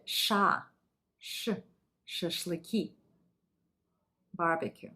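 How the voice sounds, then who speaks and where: A woman teaching a beginners' language lesson, reading each word and its translation slowly and repeating it. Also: low voice, a bit bright. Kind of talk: slow, deliberate lesson reading words aloud.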